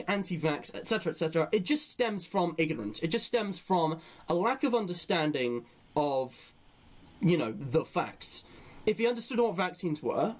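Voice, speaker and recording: A man giving rambling opinion commentary on a live stream. He thinks aloud, and his delivery slows right down whenever he dictates a reply. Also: high voice.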